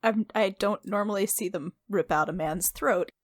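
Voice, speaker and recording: A woman playing a tabletop game, speaking slowly with a lively lilt. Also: medium pitch, dry recording, studio quality. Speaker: player.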